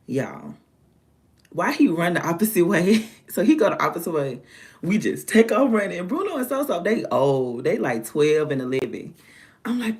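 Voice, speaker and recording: Low-voiced woman telling an animated story. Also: moderate pace. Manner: animated, dramatic retelling with acted-out quotes. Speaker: vlogger. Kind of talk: casual storytelling to viewers.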